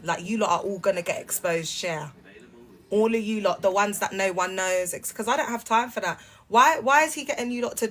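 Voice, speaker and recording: Bright-voiced woman, sassy and confrontational, phone live stream, faint music behind. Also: fairly high pitch. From United Kingdom. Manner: sassy, confrontational, talks straight to viewers. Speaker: livestreamer. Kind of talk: casual live-stream rant.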